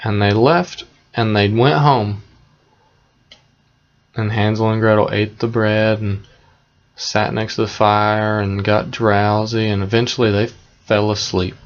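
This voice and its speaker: Slow-telling male storyteller. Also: on the low side, level tone, muffled recording. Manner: plain, conversational, unhurried storytelling with asides. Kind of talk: casual fairy-tale retelling.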